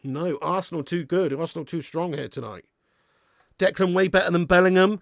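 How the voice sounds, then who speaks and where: A man hosting a live football watch-along, commentating excitedly and chatting casually with viewers in the comments. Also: high-pitched, fairly quick, vocal fry, dry recording, clean studio sound. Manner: excitable, jumps up at big moments. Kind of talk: live match commentary reading chat.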